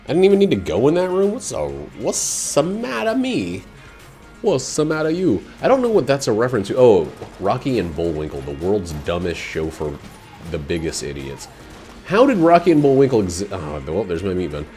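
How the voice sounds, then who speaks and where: A man chats loosely over his own gameplay, cracking jokes and rambling from one thought to the next. His voice sits low but swings widely in pitch, jumping into sudden excited yelps. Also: a little fast, soft background music. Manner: rambling, jokey, excitable outbursts. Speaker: game streamer. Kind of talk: casual let's-play commentary.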